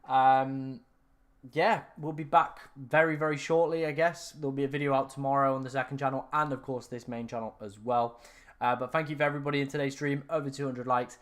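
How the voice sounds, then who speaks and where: A young man, his voice raspy and strained after hours of live streaming. He rambles and corrects himself as he chats to his viewers from home. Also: mid-range voice, fairly even intonation, fairly quick. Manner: rambling, self-correcting, talks to chat. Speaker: fantasy football streamer. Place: room at home.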